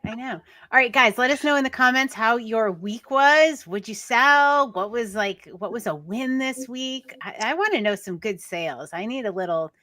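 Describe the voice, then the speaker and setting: A woman's voice: fairly high pitch, animated, normal speed, few pauses, sharp tone, no room sound. A woman co-hosting a casual live chat, bubbly and teasing. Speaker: co-host.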